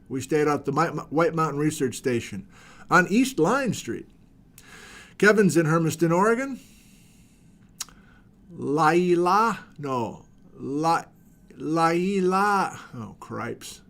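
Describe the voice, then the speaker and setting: Middle-aged male host, a touch high-pitched, chatty livestream greeter with playful asides.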